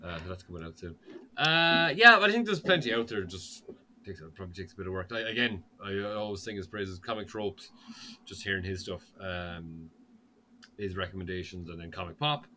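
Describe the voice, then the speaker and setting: Low forceful man, rambling. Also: lively intonation, fairly quick, slight background noise. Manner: rambling and loose, swears freely. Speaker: podcast co-host. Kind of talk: casual chat.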